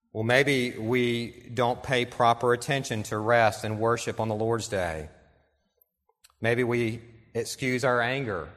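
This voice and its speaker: Guy preaching a sermon, earnest, reads out quotes, big church echo behind him, mid voice. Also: mid-range voice. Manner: earnest preaching, reads quotations aloud, slows for emphasis. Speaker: pastor. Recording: long reverb in a large hall.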